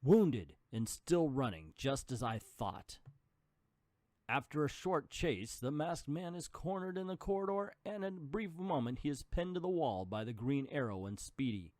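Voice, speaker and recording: A man's voice: a little high, expressive, moderate pace, a little mellow, no room sound, clean studio sound. A man reading an old comic book aloud and adding jokey asides. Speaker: comic book reader and commentator.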